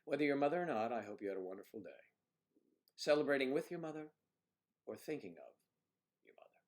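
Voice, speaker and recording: An older man with a Southern US accent hosting a casual livestream, chatting with viewers in a rambling way and often clearing his throat. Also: medium pitch, sing-song, quick pace. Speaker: livestream host. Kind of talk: casual livestream chat reading viewer comments.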